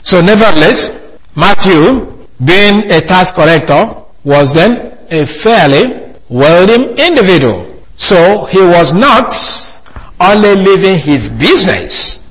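A man preaching an expository Bible lesson, speaking deliberately and repeating key phrases for emphasis. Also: high voice, sing-song, fairly bright tone, poor audio.

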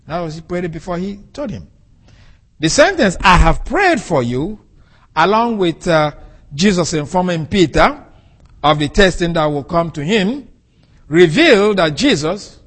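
A man preaching a sermon, teaching from the Bible and explaining Greek words with an animated delivery. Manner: animated, rises and falls sharply in pitch and loudness.

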